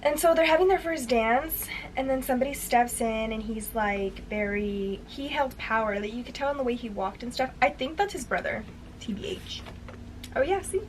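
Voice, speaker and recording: A young woman filming a casual reading vlog, gushing and excitable, full of "like" asides, recorded on a camera mic at home. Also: fairly high pitch, moderate pace, a little hiss or hum. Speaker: book vlogger.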